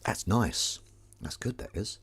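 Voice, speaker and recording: A man's voice: fairly low pitch, expressive, unhurried, fairly bright tone, breathy edge. A man chatting casually while he does the washing up, rambling, jokey and self-mocking, with the odd swear word. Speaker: host doing the washing up on a live stream.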